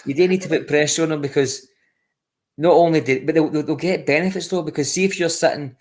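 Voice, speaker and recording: A man's voice: a little high, steady tone, fast talker. A Scottish man co-hosting a football podcast, talking bluntly, repeating himself and swearing. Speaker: podcast co-host. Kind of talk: casual football podcast chat.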